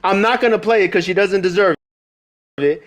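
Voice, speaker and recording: A man with a fairly high voice, co-hosting a podcast. He talks loosely and casually. He stumbles and repeats words as he goes. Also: brisk. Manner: loose, stammering, incredulous. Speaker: podcast co-host. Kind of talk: casual chat.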